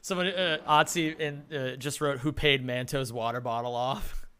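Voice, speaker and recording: A man's voice: medium pitch, fairly even intonation, moderate pace, sharp tone, clear, resonant tone. A young man speedrunning a game, rambling through a funny story with frequent laughs and casual swearing. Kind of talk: casual chat while gaming.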